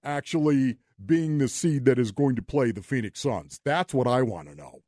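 A man's voice: mid-range voice, animated, moderate pace, mellow, dry recording, clean studio sound. A man hosting sports talk radio, emphatic and full of rhetorical questions.

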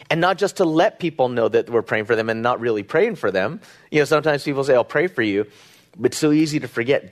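A middle-aged man, a pastor from Southern California, preaching in an earnest, conversational way, with rhetorical questions and small restarts. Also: medium pitch. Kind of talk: sermon.

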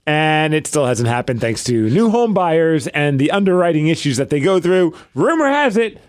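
Animated man telling a story, dry sound. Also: a little high, moderate pace, dry recording. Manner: animated, acts out quoted lines, self-mocking. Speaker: podcast co-host. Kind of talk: casual chat, storytelling.

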